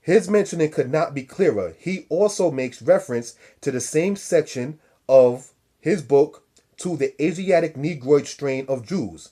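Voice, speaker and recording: A man's voice: fairly high pitch, measured pace, dark tone, husky. A man giving a scripture lesson, preaching style, repeating and stressing key words and calling his listeners brothers and sisters. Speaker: religious teacher.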